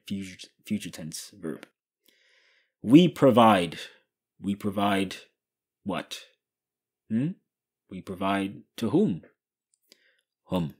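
A man teaching a grammar lesson, asking questions and answering them himself, repeating key phrases slowly. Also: fairly low pitch, darkish tone, husky. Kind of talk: explanatory lesson.

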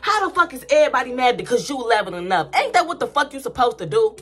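A woman's voice: fairly high pitch, big pitch swings, fast talker, fairly bright tone, faint music behind. A woman vlogger giving spiritual commentary in a blunt, profane, emphatic rant that repeats points over and over. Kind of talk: ranting casual commentary.

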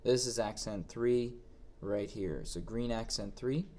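A man reading each step of a software exercise aloud, then thinking aloud as he walks through it on screen. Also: fairly low pitch, unhurried. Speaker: instructor. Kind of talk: screen-recorded software tutorial.

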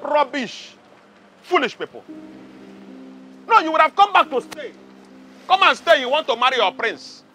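A Nigerian actor playing an arrogant, mocking palace security chief who shouts insults. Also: male voice, big pitch swings, moderate pace, pauses often, faint music behind, full character voice. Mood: taunting. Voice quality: high, bright, shouting and mocking. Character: arrogant loud-mouthed male palace guard. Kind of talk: Nollywood drama acting.

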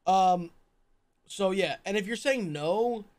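A man reacting to videos on a live stream, chatting loosely and cursing casually at his viewers. His voice sits high. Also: slow, a little mellow. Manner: casual, slangy, talks to chat.

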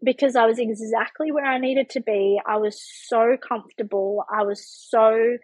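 A woman's voice: fairly high pitch, moderate pace, slightly rough, no echo, low-quality recording. A woman in her thirties telling a personal story in a casual chat, acting out her own thoughts with lots of fillers. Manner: animated, vivid retelling with many fillers and acted-out thoughts. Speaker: podcast guest.

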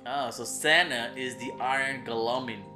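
A playful father comments on a video game with his son, cracking jokes and laughing often. The recording sounds roomy and echoey, with background music running clearly behind him. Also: medium pitch, fairly even intonation, moderate pace. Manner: jokey, teasing, laughs a lot. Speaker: father co-hosting a gameplay video.

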